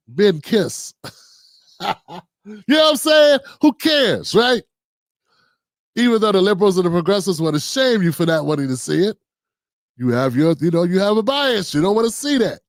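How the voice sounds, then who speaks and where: A man from Maryland, USA, hosts a livestream in a casual monologue, often asking "you know what I'm saying." His voice is high-pitched, and the recording is dry.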